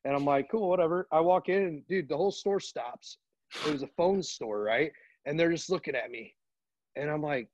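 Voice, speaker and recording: A man's voice: on the high side, normal speed, no echo, dull audio. A man chatting casually, telling laid-back stories and acting out exchanges with store staff. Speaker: podcast guest. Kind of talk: casual chat.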